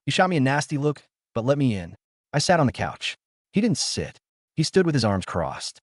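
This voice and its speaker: A man's voice: mid-range voice, big pitch swings, normal speed, no echo, studio quality. A man narrating a scripted first-person story in a bitter, emotional, dramatic way.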